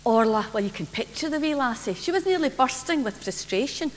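A woman minister, preaching a sermon in a church and telling a gentle story. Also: high voice, expressive, a little fast. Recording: reverberant church, faint hum.

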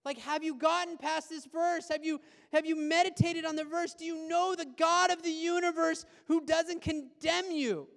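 A man preaching a sermon as a pastor, animated and conversational, with playful asides. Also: very high-pitched, normal speed, vocal fry, few pauses, big-room sound.

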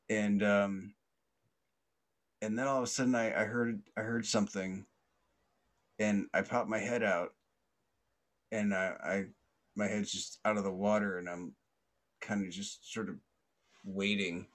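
A man's voice: measured pace, pauses often. A man hosting a podcast, telling a story casually with many fillers and restarts, often laughing and acting out the voices of others. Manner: acts out quoted voices loudly and higher. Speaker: podcast host.

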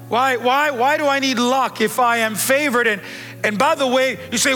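A male pastor in midlife delivers a sermon to his church, his voice pitched unusually high. He preaches in an animated, joking way and drops in bits of street slang. His tone stays bright and forceful. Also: moderate pace, long reverb tail, soft background music.

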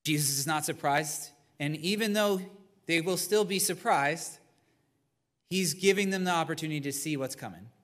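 A man preaching a sermon with a slightly high voice, in a church hall with a long, ringing reverb. He talks to the congregation in a conversational, plainspoken way and keeps checking in with them. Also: moderate pace, fairly bright tone. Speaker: pastor. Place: church sanctuary.

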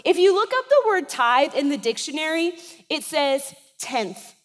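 A woman pastor in her thirties with a high voice, preaching a sermon in a chatty style and asking the congregation to agree as she goes. Her voice carries the long reverb of a big church sanctuary. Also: big pitch swings, unhurried. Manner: conversational preaching, checks in with the congregation.

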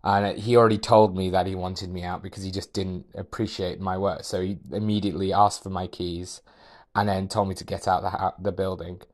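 A young man, a podcast guest, telling a personal story in a measured, reflective way with hesitant restarts. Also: deep voice, flat delivery. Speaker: podcast guest, architectural designer.

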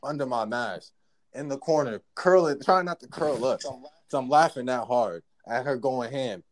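A man casually telling a work story among friends, profane and animated, acting out what people said. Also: medium pitch, normal speed. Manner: profane, animated, acts out quotes.

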